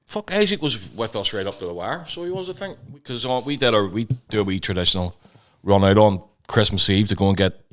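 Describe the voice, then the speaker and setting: A man's voice: fairly low pitch, expressive, a little fast, hardly any pauses. A man, co-hosting a podcast and telling stories in profane, laddish casual chat. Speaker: podcast co-host.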